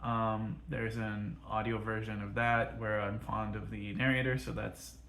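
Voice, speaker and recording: A man's voice: lowish voice, level tone, unhurried, a bit bright, a little hiss or hum. A man co-hosting a casual book chat, talking with frequent ums and uhs. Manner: hesitant, many ums and uhs. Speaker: co-host of a book channel. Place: United States.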